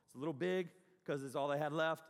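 A man preaching an energetic, joking sermon from a stage, bursting into loud yells and poking fun at himself. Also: on the high side, quick pace. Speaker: pastor. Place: large hall on a stage. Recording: long hall reverb.

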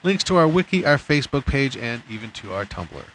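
A man co-hosting a podcast who reads through the announcements in a brisk list. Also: mid-range voice, big pitch swings, a bit bright, a little hiss or hum. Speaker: podcast co-host.

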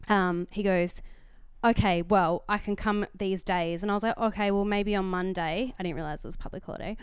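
A woman's voice: medium pitch, fairly quick, smooth, no room sound, clean studio sound. An Australian woman co-hosting a podcast in casual chat, telling a story with animation and acting out the other people's lines. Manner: animated storyteller who acts out quoted dialogue. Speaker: podcast co-host.

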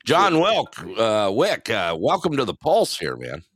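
A man hosting a casual panel show, joking and excitable. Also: medium pitch, measured pace, dry recording, studio quality. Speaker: host.

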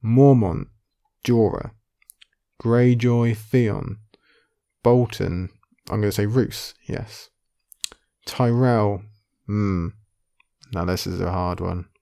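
Male quiz vlogger, low and gravelly, casual muttered think-aloud commentary. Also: slow, long pauses, dark tone. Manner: muttering guesses half to himself, then committing. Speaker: video creator playing an online quiz.

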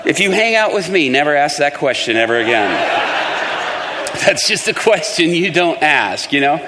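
A man's voice: on the high side, moderate pace, in a large hall, heavy background noise. A man preaching and telling a story, acting out the voices of the people in it. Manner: animated, acts out the voices in his story. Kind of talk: sermon storytelling.

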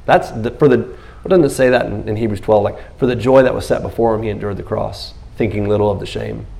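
Gravelly-voiced animated preaching man. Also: fairly low pitch, a little fast. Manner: animated preaching, acts out biblical scenes in quotes. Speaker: pastor. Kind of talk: sermon.

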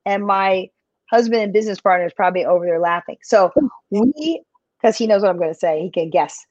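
Woman health coach, chatty and animated, for a live podcast interview; dull, dry lo-fi recording. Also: mid-range voice, a little fast, no echo. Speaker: health coach and business owner.

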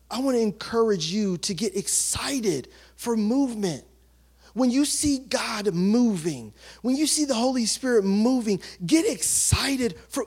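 A man preaching a sermon as pastor, emotional and building to excited shouts. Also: sits high.

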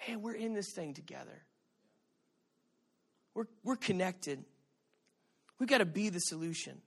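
A man, middle-aged, preaches a sermon in a bright, forceful tone that sits higher than most men's voices. He tells his stories with animated energy, dropping low for tender moments and rising to shouts at the peaks. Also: measured pace, gravelly, husky. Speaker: pastor.

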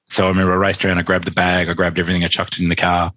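An Australian man, a podcast guest, telling a personal story in a quick, animated way and acting out what others said. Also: low voice, no room sound, low-quality recording. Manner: animated, quick, acts out quoted dialogue. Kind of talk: conversational storytelling.

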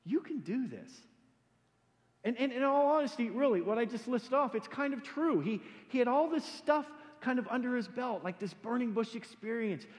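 Animated high-pitched male preacher, echoey hall. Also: brisk, hardly any pauses. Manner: animated, joking, repeats words when starting sentences. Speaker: pastor. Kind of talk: sermon.

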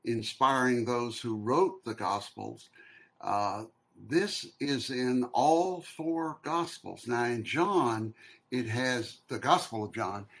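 Slow, measured man leading a Bible study. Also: medium pitch, fairly bright tone. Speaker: discussion leader.

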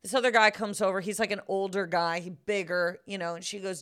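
A young woman co-hosting a podcast, telling a story in an animated, profane way and acting out what others said. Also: medium pitch, a little fast. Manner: animated, profane, acts out quotes. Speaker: podcast co-host. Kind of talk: casual chat, storytelling.

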